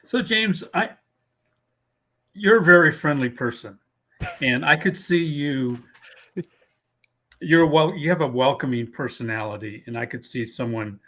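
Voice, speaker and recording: A man's voice: on the high side, animated, unhurried, long pauses, sharp tone. A man hosting a webinar, asking the guest a question in a friendly, hesitant way. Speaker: webinar host. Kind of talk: casual interview question.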